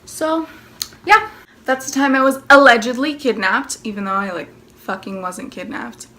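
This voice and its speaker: Bright high-voiced sarcastic young woman. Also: normal speed. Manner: profane, sarcastic, constant filler "like"; breaks into exaggerated impressions of others. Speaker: vlogger. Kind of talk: casual storytime vlog.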